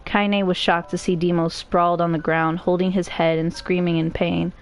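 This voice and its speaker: A woman's voice: fairly low pitch, little pitch movement, moderate pace. A woman streamer reading a novel aloud in a casual way, breaking off for joking asides.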